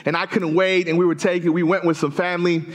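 Guy from southern africa preaching, high voice, jumps way up when he gets into it, jokes with the crowd. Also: quick pace. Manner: animated, storytelling with jokes to the congregation; lively pitch swings, rising high for emphasis. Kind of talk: sermon.

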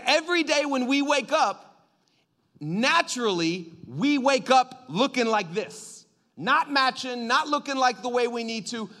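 A man preaching a sermon in a lively, joking way, getting the congregation to call back to him. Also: very high-pitched. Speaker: pastor.

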